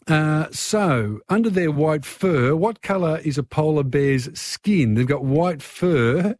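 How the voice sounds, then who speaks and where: A man's voice: fairly high pitch, expressive, slow pace, a little mellow, no echo, studio quality. An Australian man hosting a radio phone-in quiz, chatty, reading out questions and giving callers hints.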